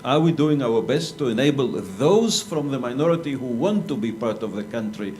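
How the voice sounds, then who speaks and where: A male academic panelist answering a conference question in a measured, argumentative way, with hesitant restarts. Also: mid-range voice, lively intonation, darkish tone, a little hiss or hum. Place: lecture hall.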